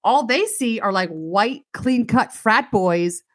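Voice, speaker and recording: A woman's voice: on the high side, slow, dry recording. Sardonic woman, dry close sound. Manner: sardonic, animated storytelling with acted-out quotes; says "like" very often. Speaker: podcast co-host. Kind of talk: casual chat, retelling a film scene by scene.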